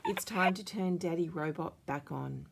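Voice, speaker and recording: An Australian woman reading a children's story aloud, slow and expressive. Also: on the low side, creaky, very noisy. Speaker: children's book reader.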